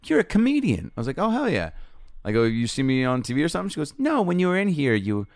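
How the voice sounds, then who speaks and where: A man, a comedian and podcast host, telling a casual story in an animated way, swearing freely and acting out both sides of the exchange. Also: a little high, fast, dry recording.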